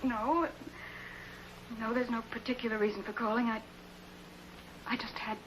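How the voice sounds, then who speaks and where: A woman's voice: on the high side, fairly even intonation, normal speed, background noise, natural voice. An actress playing a lonely, distraught woman who stammers and pleads tearfully on the telephone with her ex-lover. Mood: tearful pleading. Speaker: actress in a TV drama. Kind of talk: 1950s TV drama acting. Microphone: telephone in hand. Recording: dull 1950s TV soundtrack with score.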